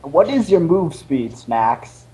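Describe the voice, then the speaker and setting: A man playing in a tabletop game, quick to protest in an exasperated way. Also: a little high, very animated, a crowd in the background, poor audio. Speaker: player. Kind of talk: casual tabletop game chat.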